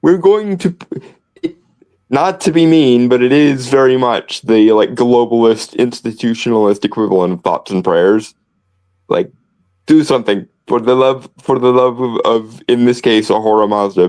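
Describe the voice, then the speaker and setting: A man's voice: medium pitch, normal speed, darkish tone, rough recording. A man co-hosting a podcast in casual commentary, sardonic and wordy, often restarting phrases. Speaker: podcast co-host.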